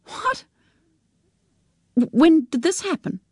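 Angry teenage son, blunt and bitter, read by a woman, slow measured delivery, dry close sound. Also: very high voice, animated, a little mellow, no echo, pitched above the performer's own voice, exaggerated voice. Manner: curt, bitter retorts.

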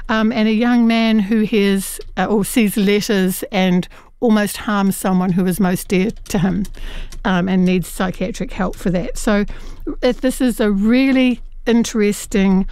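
A woman's voice: mid-range voice, clear, resonant tone, no room sound, studio quality. New woman reviewing a book. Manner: warm, earnest, with many fillers and restarts. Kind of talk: radio book review chat.

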